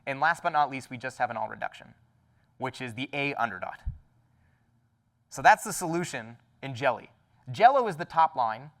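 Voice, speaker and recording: A man's voice: mid-range voice, animated, moderate pace, pauses often, a bit bright, distant mic. A man giving a technical talk at a conference, explaining enthusiastically with lots of fillers and restarts. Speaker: conference speaker. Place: conference hall.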